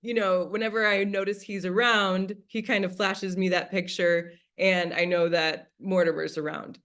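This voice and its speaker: A woman's voice: on the low side, fairly even intonation, normal speed, a bit bright. A woman facilitator teaching in a casual, chatty way, often acting out her own past thoughts as quoted asides. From United States. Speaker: class facilitator.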